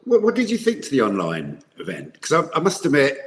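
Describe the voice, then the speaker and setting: Man co-host, casual chat, short questions, lively pitch. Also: fast. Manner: brief reactions and questions. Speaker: podcast co-host.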